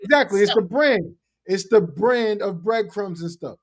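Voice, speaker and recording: A man holds forth in a loose podcast chat, hammering his point by repeating phrases. His voice sits a bit high. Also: moderate pace. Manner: emphatic, repeats phrases for effect. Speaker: podcast co-host. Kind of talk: casual chat.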